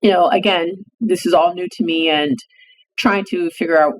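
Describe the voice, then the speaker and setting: A woman journalist from East Africa, a podcast guest, telling her story in a thoughtful, measured way, with pauses and fillers. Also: lowish voice, steady tone, slight background noise, low-quality recording. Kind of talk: reflective interview storytelling.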